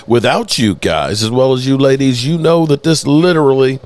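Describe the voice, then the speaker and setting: A man's voice: medium pitch, moderate pace, a little mellow. A man hosting a live sports talk stream, loose and joking, swearing freely as he greets viewers by name. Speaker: host of a sports news channel.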